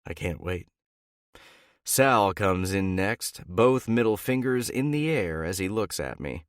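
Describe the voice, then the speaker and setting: A man narrating a romance audiobook in first person with an expressive, dramatic delivery. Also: deep voice, slow pace, no room sound, studio quality.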